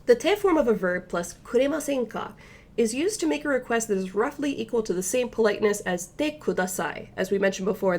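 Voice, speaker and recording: A woman with a medium-pitched, darkish voice leads a recorded language lesson. She works through every point patiently, one step at a time, and slows her delivery for the example phrases.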